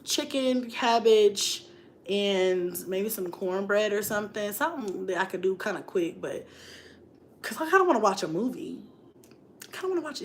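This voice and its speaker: A middle-aged woman and mom vlogger in casual live-stream chat, talking in a chatty, animated way and breaking off now and then to call out to her kids at home. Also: mid-range voice, slight background noise.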